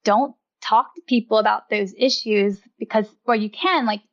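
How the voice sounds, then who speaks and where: A woman speaking at a moderate pace in a high-leaning voice is a podcast guest, chatting casually and freely. She laughs a lot and leans heavily on the word "like," and the recording has its high frequencies cut off.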